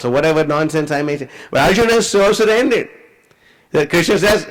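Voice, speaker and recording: A man preacher telling a scripture story in an animated, conversational way, full of "you know.". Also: a little high, a little fast, poor audio. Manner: animated, conversational, many fillers.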